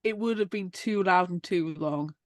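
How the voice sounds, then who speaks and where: A woman with a lowish voice chats about a book with her co-host on a video call. She laughs a lot, and her dry-sounding audio stays close to the mic. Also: normal speed, dry recording. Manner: giggly, laughs often. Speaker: podcast co-host. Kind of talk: casual book chat over a video call.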